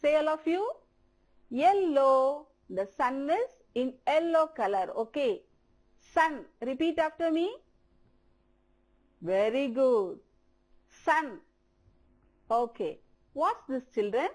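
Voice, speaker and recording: Slow, lively Indian English teacher woman. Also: high voice. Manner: slow, drawn-out, repeating words for children to copy. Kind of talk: televised primary-school English lesson.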